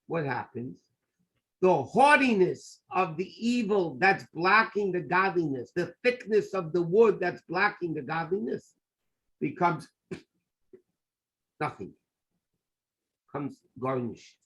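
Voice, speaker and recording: A middle-aged man teaching a Torah class as a rabbi, explaining in an animated, emphatic way and mixing Hebrew terms into his English. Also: on the high side, takes it slowly, pauses often, low-quality recording.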